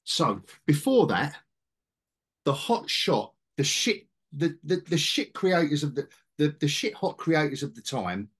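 A man in middle age talks comics in a casual podcast chat, his voice husky with a slightly breathy edge. His pitch moves a lot as he rambles, restarting phrases and tossing in wry asides. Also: very animated, measured pace. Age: middle-aged. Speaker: podcast host, comic collector.

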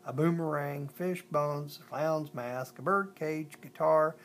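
A storyteller reads a children's picture book aloud at an uneven pace, often stumbling and restarting. They slow right down through long lists. The voice sits in a middle pitch, and a faint hum with a low rumble runs underneath.

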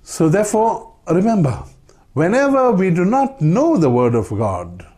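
Preacher, male, somewhat high mellow voice, animated delivery. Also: a little slow. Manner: emphatic, rising on key words, quoting scripture. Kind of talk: sermon.

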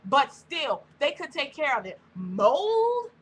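A woman's voice: sits high, big pitch swings, slow, slight background noise, rough recording. A woman vlogger in an angry rant to camera, blunt and heated, cursing heavily.

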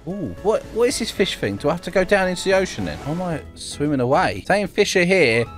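A young man casually commentating on his gameplay, chatty and excitable, often laughing. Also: high-pitched, brisk. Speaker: gaming YouTuber. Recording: faint game music behind.

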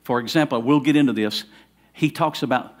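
With a mid-range voice and a slightly fast delivery, this middle-aged Southern U.S. pastor gives a sermon that sounds conversational before swelling into fervent emphasis.

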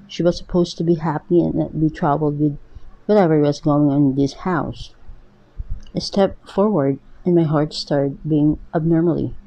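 A narrator reads a first-person storybook aloud in an earnest, even way. The voice is very dark and mellow. The recording sounds dull and lo-fi. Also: medium pitch.

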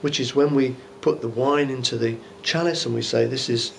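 A man's voice: mid-range voice, normal speed, gravelly, a little hiss or hum. A man, a bishop, preaching an informal Bible teaching sermon in a church, musing aloud with conversational rhetorical asides.

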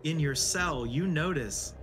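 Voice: mid-range voice, unhurried, a bit bright. A game master narrating a tabletop game casually, with filler words. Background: music.

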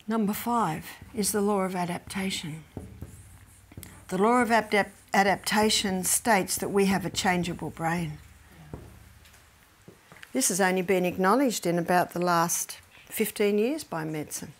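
Middle-aged woman, health seminar talk, lively storyteller, laughs often, soft whispered emphasis. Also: mid-range voice, a little slow, a little hiss or hum. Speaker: health educator. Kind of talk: seminar talk with Bible teaching.

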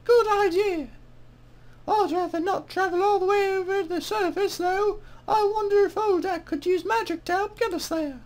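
A man doing a chirpy girl goblin in falsetto. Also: steady tone, normal speed. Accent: mock British, done badly. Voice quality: high, sing-song falsetto. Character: young female cave goblin archaeologist.

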